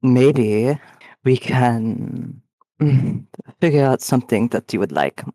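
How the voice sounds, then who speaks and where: A man's voice: medium pitch, expressive, slow pace, mellow, no room sound. A man playing in a tabletop game, casual and swearing freely. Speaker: player. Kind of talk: tabletop game role-play chat.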